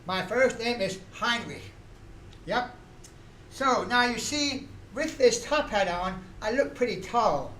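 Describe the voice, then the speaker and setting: A man's voice: very high-pitched, lively intonation, slow, sharp tone, a little hiss or hum. A man telling a folksy comic story with punchlines, recorded in a radio studio. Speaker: folk musician and comic storyteller. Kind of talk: comic stage monologue. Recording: roomy studio echo.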